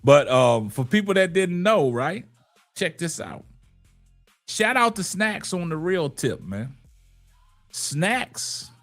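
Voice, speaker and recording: A man's voice: a little high, fairly bright tone. A man in his forties hosting a casual late-night live show, laid-back and chatty, tagging "man" onto his lines.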